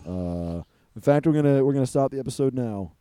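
A man's voice: mid-range voice, expressive, a little fast, mellow. A young man hosting a casual movie review podcast, laughing often and restarting his sentences with fillers. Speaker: podcast host.

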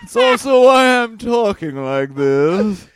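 A pampered, snooty rich invalid , put on by a man, speaks in a high, slow, affected upper-class drawl. The comedic bit rolls along unhurried, with a faint hiss under it. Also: big pitch swings, shouting, heavily acted. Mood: haughty.

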